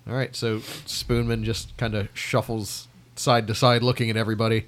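A man's voice: on the low side, little pitch movement, normal speed, few pauses, clear, resonant tone. A man playing a tabletop game, who stammers and laughs as he talks. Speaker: player. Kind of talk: casual tabletop role-play.

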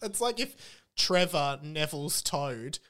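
High-voiced, amused man. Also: expressive, unhurried, pushed and bright. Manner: amused, chatty. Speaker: podcast host. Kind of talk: comedic podcast chat.

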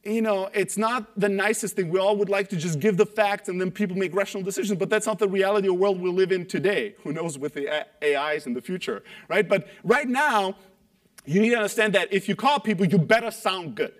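A man giving an energetic talk on sales calls to an audience, acting out quoted voices and tagging points with "right?". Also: sits high, fairly quick. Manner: animated, acts out quoted voices, rhetorical "right?". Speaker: sales coach speaker.

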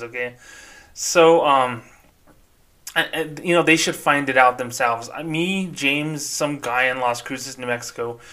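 A man's voice: medium pitch, bright, forceful tone. A man hosting a solo podcast, opinionated and emphatic as he rants into a microphone. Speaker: podcast host.

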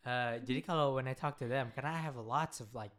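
A young man co-hosting a casual chat, telling stories in an animated way and laughing as he talks. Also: medium pitch, fast talker. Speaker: co-host. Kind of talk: casual chat mixing two languages.

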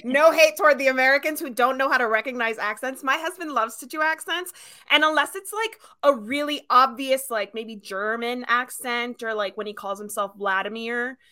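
A bright, high-pitched woman hosting a podcast over a video call. She chats freely and tells stories with plenty of fillers. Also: normal speed. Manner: chatty, animated storyteller with many fillers. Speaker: podcast host. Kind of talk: casual chat.

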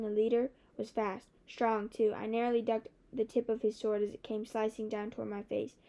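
A woman narrating a fantasy novel in the first person, with steady, even storytelling. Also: on the high side. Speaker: audiobook narrator.

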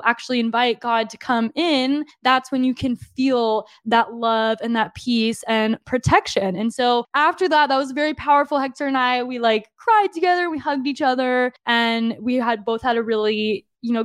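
Recorded close and dry without echo, this podcast host and fitness coach, a young woman, shares her testimony in a monologue. Her slightly high voice stays steady and smooth at normal speed with few pauses, as she confides earnestly, uses "like" a lot, and speaks to "you guys."

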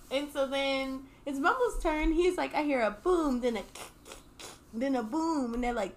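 A woman's voice: high voice, expressive, unhurried, slight background noise. A woman co-hosting a comedy podcast, playfully retelling a movie and acting out the characters' lines. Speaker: podcast co-host. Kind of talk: casual stoner movie recap.

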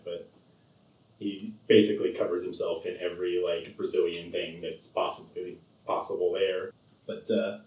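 Man with a lowish voice, casual rambling podcast chat, roomy sound, set back from the mic. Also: darkish tone, far from the mic. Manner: rambling, laughs often, filler-heavy. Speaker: podcast co-host. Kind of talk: casual chat about a film.

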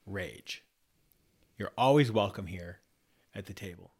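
Reflective low-voiced man on a podcast. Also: a little fast. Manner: reflective, restarts and repeats words, acts out inner voices. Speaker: podcast guest. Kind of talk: casual podcast conversation.

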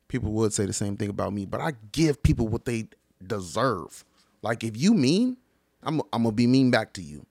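A man in a casual vlog rant, his pitch leaping around as he mimics the people he quotes. The delivery is loose and profane. The sound is dry and close, with no room around it. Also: normal speed, gravelly, no echo. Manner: animated, profane, acts out quoted people with big pitch jumps. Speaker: vlogger.

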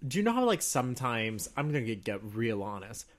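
A man's voice: mid-range voice, a little fast. Playful young man co-hosting a podcast. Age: young adult. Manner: playful, excitable, teasing. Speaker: podcast co-host. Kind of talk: casual chat.

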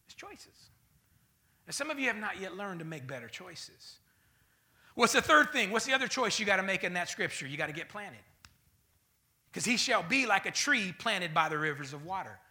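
A man preaching a sermon as pastor, swinging between loud bursts and mocking voices. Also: high voice, big pitch swings, a little fast.

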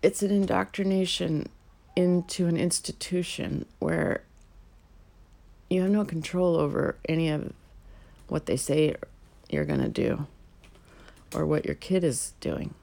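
A middle-aged woman painter talking casually to herself as she sets up, rambling and halting with many fillers, sometimes dropping to a soft whisper. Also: lowish voice, gravelly. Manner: drops to a soft whisper now and then. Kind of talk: casual spoken vlog while setting up to paint.

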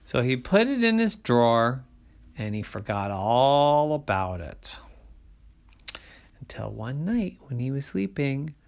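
A storyteller telling a children's story in a slow, sing-song way, dropping to soft asides. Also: mid-range voice, sing-song, vocal fry.

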